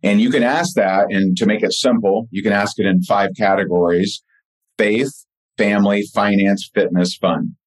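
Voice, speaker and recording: A man with a fairly low voice, talking as a guest in a relaxed interview. He tells stories in an earnest, conversational way, stopping and restarting his sentences and filling pauses with "um" and "you know.". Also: rough recording. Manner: earnest, with frequent fillers and restarts. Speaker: podcast guest and author. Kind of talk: casual interview storytelling.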